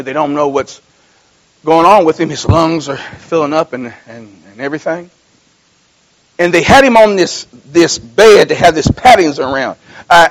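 A man preaching a sermon as pastor, telling homespun stories, dropping low and then rising into loud calls to the congregation. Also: poor audio. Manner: folksy storytelling, swings from low mumbling to loud exhortation; repeats and restarts phrases.

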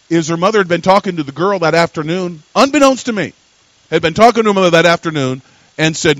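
An older man preaching a sermon as a pastor, telling a story and swinging from quiet asides to loud, emphatic peaks. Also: fairly high pitch, quick pace, dry recording, low-quality recording.

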